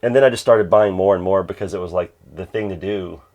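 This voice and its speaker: A man's voice: deep voice, fast talker, a little mellow. A man in his thirties, a game collector chatting casually at home, rambling with lots of fillers and restarts. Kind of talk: casual interview chat.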